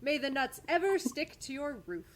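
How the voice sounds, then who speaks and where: A woman's voice: sits high, moderate pace, a little hiss or hum. A woman co-hosting a podcast, reading the closing credits in casual chat and often breaking into laughter. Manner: giggly, keeps breaking into laughter. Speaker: podcast co-host.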